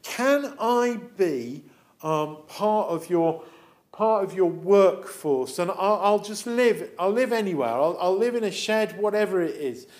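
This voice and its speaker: A man's voice: high voice, expressive, a little mellow. A man voicing a pleading ragged young son. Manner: pleading, earnest, halting. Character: repentant ragged young man begging his father.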